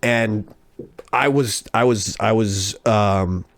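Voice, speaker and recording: A young man from California, hosting a podcast and telling a personal story in a casual, animated way, repeating phrases for emphasis. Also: fairly low pitch, takes it slowly, no room sound. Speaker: podcast host.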